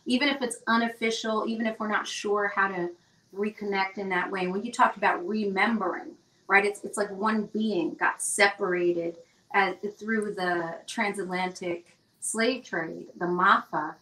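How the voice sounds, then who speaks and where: A woman teaching in an animated, conversational way, often checking in with "right?". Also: medium pitch, moderate pace, far from the mic, low-quality recording. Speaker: guest teacher.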